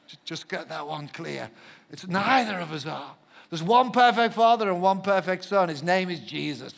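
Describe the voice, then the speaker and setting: A middle-aged man preaching a sermon as a pastor, animated, swinging between loud acted-out shouts and soft asides. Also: sits high, moderate pace, creaky. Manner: animated storyteller, shouts when acting out quotes, drops to soft asides. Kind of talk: sermon with personal story.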